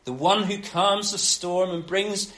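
A preacher voicing a calm, stern teacher who speaks low and earnestly, in a roomy space. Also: male voice, measured pace. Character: calm, stern teacher reassuring his followers. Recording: roomy echo.

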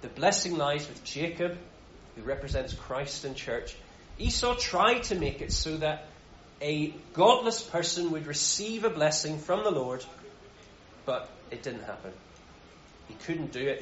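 A man's voice: on the high side, fairly bright tone, slight background noise. A man giving an informal sermon as a Bible teacher, talking in a casual, conversational way with frequent restarts. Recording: roomy, dull sound.

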